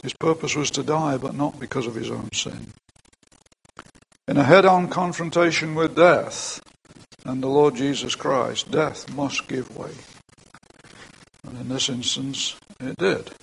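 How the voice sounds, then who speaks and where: A man's voice: mid-range voice, steady tone, measured pace, creaky, pauses often, a little hiss or hum, rough recording. An older man preaching a sermon in a church, talking plainly to the congregation with frequent asides.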